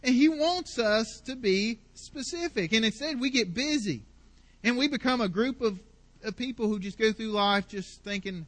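High, bright-voiced preaching man. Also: normal speed. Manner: emphatic, repetitive, passionate preaching. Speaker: pastor. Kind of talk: sermon.

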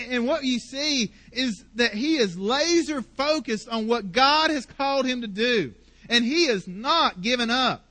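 A pastor delivering a sermon in a high, bright, forceful voice. He preaches with passion and builds his points through emphatic repetition. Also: unhurried.

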